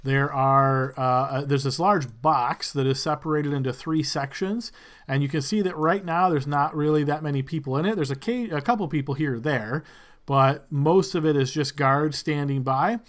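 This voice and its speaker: A man's voice: a little high, moderate pace. Casual male game master narrating. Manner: casual, filler-heavy narration.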